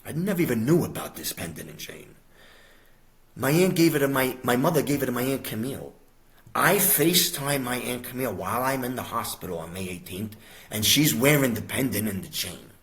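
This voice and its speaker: A middle-aged man from the USA, a podcast guest telling a personal story in an animated, streetwise way, often calling the host "bro" and "my brother". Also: medium pitch, brisk.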